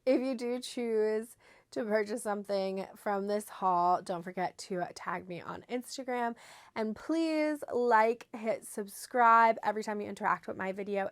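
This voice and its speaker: A woman's voice: fairly high pitch, gravelly, no echo, studio quality. A young woman vlogger with a congested head cold, chatting casually to camera in a try-on haul, self-deprecating and often trailing off. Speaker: fashion vlogger.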